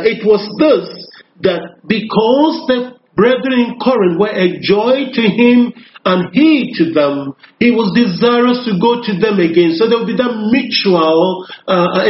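A man preaching an expository sermon, earnest and emphatic, pushing his voice higher when he stresses a point. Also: reverberant, muffled recording, a little hiss or hum. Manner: reads scripture in older phrasing.

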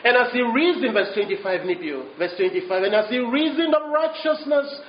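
A man preaching a sermon, mixing English and Twi, telling a story in an animated way. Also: sits high, fairly quick, slight background noise. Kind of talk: sermon with interpretation. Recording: echoey room, dull lo-fi sound.

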